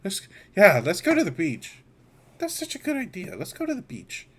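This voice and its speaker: A man voicing an excitable young boy in a tabletop game, talking high and loud. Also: normal speed, exaggerated voice. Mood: excited.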